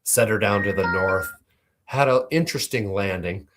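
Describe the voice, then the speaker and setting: A man's voice: on the low side, moderate pace, background noise. A man hosting a show, telling a personal flying story in a laid-back, profane way. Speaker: host. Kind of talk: casual storytelling.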